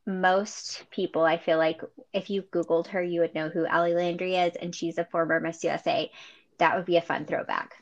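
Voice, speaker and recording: A woman co-hosting a podcast in casual chat, relaxed and agreeable. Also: on the low side, moderate pace, dull audio. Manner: relaxed, agreeable, rule-following. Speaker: podcast co-host.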